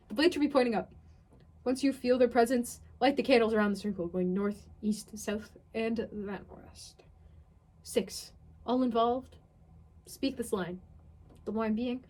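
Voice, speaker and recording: A woman's voice: mid-range voice, moderate pace, darkish tone. A young woman reading a strange ritual text aloud and commenting on it. Tired, sardonic and swearing often. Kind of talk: dramatic reading with casual commentary.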